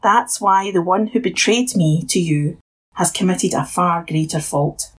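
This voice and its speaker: A woman voicing Jesus, calm and solemn, speaking slowly and quietly with a husky tone in a Bible story reading. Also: lowish voice.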